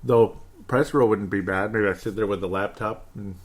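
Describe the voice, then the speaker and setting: A man in his thirties hosting a casual sports podcast, excitable and rambling, reading out listener comments. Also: lowish voice, moderate pace. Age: 30s. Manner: hyper, excitable, rambling with laughs. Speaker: podcast host.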